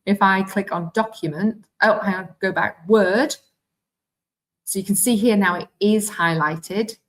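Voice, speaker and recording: A woman with a Welsh accent giving a live online software demonstration as a teacher trainer, chatty and thinking aloud as she clicks through. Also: medium pitch, unhurried, poor audio. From Wales.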